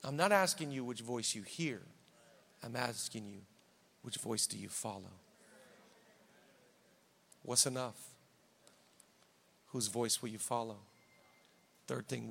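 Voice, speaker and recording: A man's voice: mid-range voice, unhurried, vocal fry, pauses often, a bit bright. A man preaching a sermon as pastor in a church, conversational and fervent by turns. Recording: reverberant hall.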